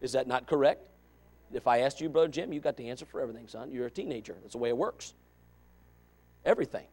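A man's voice: mid-range voice, animated, fast, darkish tone. A middle-aged man preaching a sermon, emphatic and impassioned, with joking asides.

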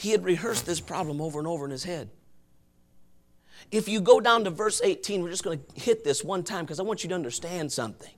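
Fervent high-voiced male preacher. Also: animated, fast. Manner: fervent, often shouting, folksy asides. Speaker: pastor. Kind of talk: sermon.

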